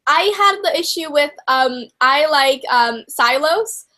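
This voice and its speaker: A high, light-voiced young woman hosting a casual live book discussion. She talks in a rambling, chatty way, stringing thoughts together with lots of filler words. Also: expressive, takes it slowly, sharp tone. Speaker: host of a book channel.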